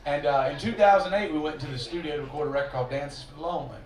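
A man's voice: a little high, racing, very noisy. Profane man telling stories on a live stage. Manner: profane, self-mocking, animated storyteller. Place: live venue with audience. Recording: roomy live recording from a distance. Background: audience ambience.

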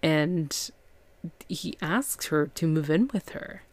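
A woman's voice: low-pitched, slow, no room sound. A woman hosting a casual TV recap podcast, chatty and full of fillers, paraphrasing the characters as she goes. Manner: chatty, filler-heavy, quotes characters loosely. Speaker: podcast host.

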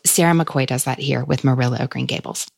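A woman with a low voice and a gravelly edge hosts a podcast, talking in a chatty, enthusiastic way with lots of asides. The sound is dry and close, as if she is right at the microphone. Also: steady tone, a little fast, a little mellow, dry recording. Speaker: podcast host recommending books. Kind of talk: casual conversational interview.

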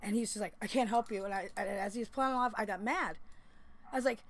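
Animated woman telling her story. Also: medium pitch, fast talker, gravelly. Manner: animated, laughs often, swears, acts out quotes. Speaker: guest, former anchor-out resident. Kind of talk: casual storytelling interview.

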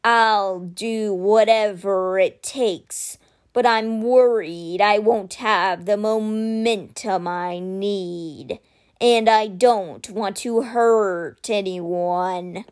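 A woman reading aloud, voicing a huge proud male stone statue of a winged cat in a slow, deliberate, dry way. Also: mid-range voice, clear, resonant tone. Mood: grave.

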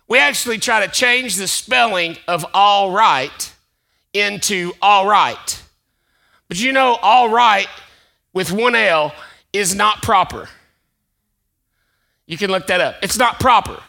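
A man preaching a sermon as pastor, chatty and conversational, building up to shouted emphasis. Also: high-pitched, gravelly.

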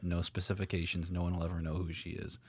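A man's voice: deep voice, monotone, fast talker, husky, no room sound. A laid-back young man chatting as a podcast co-host, who laughs often and trails off mid-thought. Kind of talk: casual chat.

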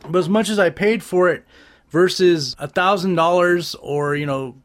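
A man's voice: high voice, normal speed. A man casually reviewing a gadget and a movie, rambling, swearing often, with lots of restarts. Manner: profane, animated, rambling with restarts. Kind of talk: casual crude review chat.

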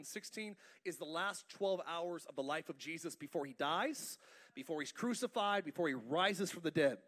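High-pitched male preacher, playful and talkative, works the congregation from the pulpit. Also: a bit bright. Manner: playful, asks the congregation to respond. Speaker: pastor. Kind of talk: lively sermon with jokes. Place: church.

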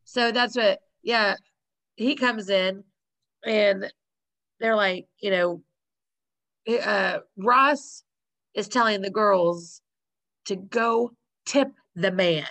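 A woman's voice: medium pitch, drawn-out words, pauses often, fairly bright tone. A woman chatting casually, retelling a sitcom episode with frequent laughs and acted-out quotes. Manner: laughing often, acting out quotes.

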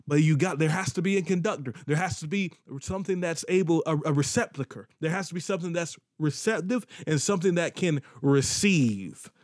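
A man's voice: on the high side, fairly quick, hardly any pauses, no room sound, clean studio sound. A man preaching a podcast sermon, repeating phrases for emphasis and breaking into sudden whoops and exclamations.

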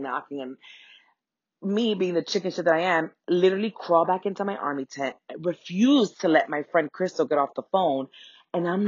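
Low, husky young woman; comic storyteller, profane, animated; dry, slightly dull recording. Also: no room sound. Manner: animated, profane, acts out quoted voices.

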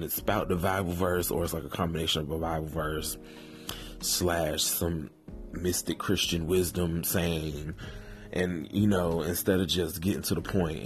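A man hosting a podcast, delivering a sassy, drawn-out casual commentary full of cursing. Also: sits low. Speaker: podcast host.

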